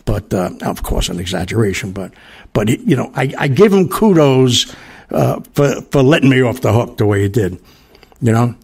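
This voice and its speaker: A man's voice: mid-range voice, expressive, normal speed, creaky, darkish tone, husky. An older man hosting a podcast, telling stories in a rambling, casual way full of fillers and asides. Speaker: podcast host. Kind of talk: casual storytelling monologue.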